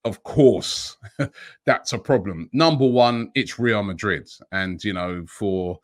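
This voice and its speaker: Middle-aged male host, slightly low pitch, chatty solo news vlog, thinks out loud with rhetorical questions. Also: takes it slowly. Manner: chatty, thinks aloud with rhetorical questions and many "you know"s. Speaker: host of a daily football transfer news show. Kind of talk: solo transfer news talk to camera.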